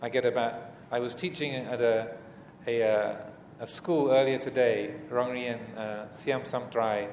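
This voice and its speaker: Recorded in an echoey hall with a little room noise, the monk teaches the dharma in a steady, mid-range voice. He's unhurried and barely pauses, yet his speech is hesitant and full of fillers and restarts, softened by gentle humor.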